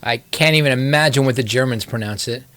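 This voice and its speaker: A man's voice: medium pitch, a little fast, sharp tone. A man casually talking through a live game stream, rambling and wry, poking fun at himself as he plays. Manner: rambling, wry and self-mocking. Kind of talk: casual live-stream commentary while gaming.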